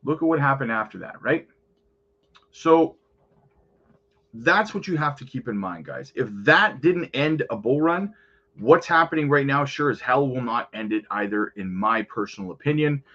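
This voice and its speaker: Man, husky voice, chatty chart commentary, keeps addressing viewers, dull lo-fi audio. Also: mid-range voice, lively intonation, moderate pace, pushed and bright. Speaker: crypto channel host. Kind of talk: casual market commentary over charts.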